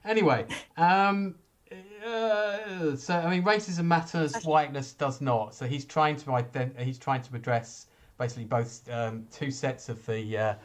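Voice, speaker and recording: Guy hosting a chat show, lots of ums and uhs, mid pitched, kinda hesitant. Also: unhurried. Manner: hesitant, filler-heavy. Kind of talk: casual chat.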